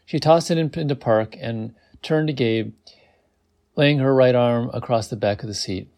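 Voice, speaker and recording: Gravelly man reading a story aloud. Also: mid-range voice, moderate pace, a little mellow. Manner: amused, breaks off to laugh and comment on the text. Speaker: reader.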